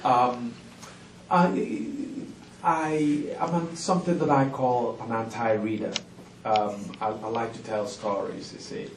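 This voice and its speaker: A man's voice: mid-range voice, steady tone, slow pace. A middle-aged man, a festival panel author telling humorous stories to a live audience, often chuckling and self-deprecating. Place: event hall with audience. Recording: roomy hall, distant mic, ambient noise.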